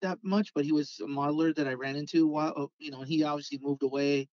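A man with a fairly high voice tells a long, rambling story in casual chat and slips into lively voices when he quotes his friends. The recording sounds dry and a little dull, as if the audio was squeezed. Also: quick pace, no room sound. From Southern California. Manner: rambling, animated when quoting others. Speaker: guest, Hot Wheels customizer.

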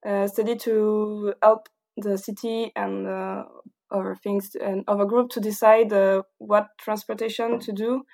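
A woman's voice: mid-range voice, level tone, measured pace, creaky, a little mellow. A woman in her thirties from the south of France with a French accent, answering interview questions hesitantly with many fillers. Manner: hesitant, many fillers, laughs between phrases. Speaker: guest.

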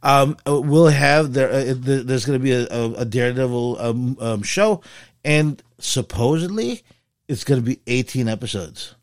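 A man's voice: medium pitch, animated, moderate pace, no room sound, clean studio sound. A man hosting a casual pop-culture podcast, talking hesitantly with many fillers but in a playful tone. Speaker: podcast host. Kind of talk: casual chat.

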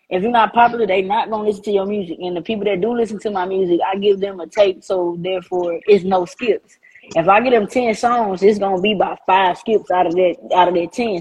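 A woman's voice: medium pitch, a little mellow, breathy edge, rough recording. A woman rapper chatting casually, confident and slangy. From Alexandria, US East Coast. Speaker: rapper guest. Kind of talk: casual chat.

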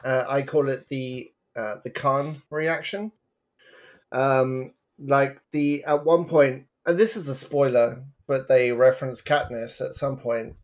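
A man's voice: mid-range voice, fairly even intonation, takes it slowly. Male co-host, mid-range voice, dry and cutting film critique. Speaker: podcast co-host. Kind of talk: casual movie review chat.

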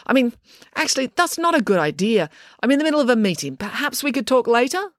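A woman's voice: a little high, very animated, fast talker, no echo, clean studio sound, voice pushed up. A woman voicing a fussy male school guidance counsellor who lectures with exasperation. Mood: flustered stern.

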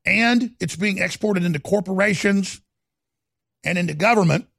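A man hosting a talk radio show, delivering a heated, ranting monologue that swings between loud and quiet. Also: sits high, normal speed, vocal fry, no room sound, clean studio sound.

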